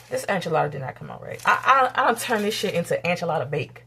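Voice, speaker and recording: A woman's voice: lively intonation, fast, vocal fry, hardly any pauses, a bit bright, a little hiss or hum. A woman from the United States, giving a candid, blunt and profane rant to her camera while cooking. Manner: blunt, profane and heated, with sudden rises in pitch. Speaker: vlogger.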